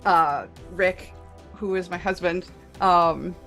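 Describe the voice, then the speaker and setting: A woman's voice: lowish voice, fairly even intonation, slow pace, a bit bright, faint music behind. A woman guest in a casual podcast chat, telling stories about her old tabletop gaming days and laughing often.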